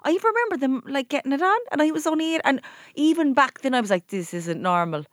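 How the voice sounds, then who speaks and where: A young Irish woman co-hosting a podcast, chatting casually and launching into lively, animated anecdotes. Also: high-pitched, no echo, studio quality. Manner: rapid, animated anecdote-telling. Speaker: podcast co-host. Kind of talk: casual chat.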